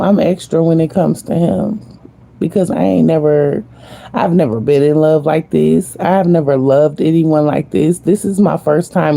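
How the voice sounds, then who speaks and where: A woman's voice: low-pitched, unhurried, gravelly, dark tone. A woman vlogger talking casually and earnestly to her viewers, repeating herself for emphasis, slangy and spiritual. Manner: emphatic, repeats phrases, addresses viewers directly. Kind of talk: casual heartfelt talk to viewers.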